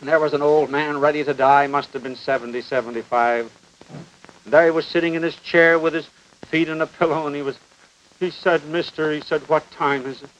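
High-voiced fiery preacher on an old broadcast. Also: male voice, steady tone, brisk. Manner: emphatic, swooping from loud exhortation to hushed pleading. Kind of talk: fiery sermon. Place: broadcast studio. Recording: dull lo-fi 1950 broadcast with faint hiss.

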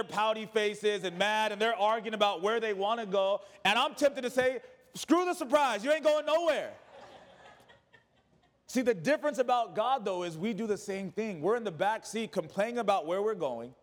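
A man with a high voice preaches a sermon. He swings from urgent, raised lines down to hushed, low ones. His voice rings out with a long reverb, as in a church hall. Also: a little fast, hardly any pauses. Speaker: pastor.

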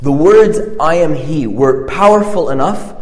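A man preaching a conversational sermon, earnest and halting, often repeating and restarting his phrases. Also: a little high, lively intonation. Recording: reverberant hall.

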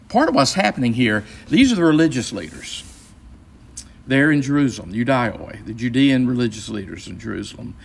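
Gravelly-voiced pastor teaching Bible study. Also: male voice, medium pitch, big pitch swings, fairly quick. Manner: conversational, explanatory, with frequent fillers and restarts.

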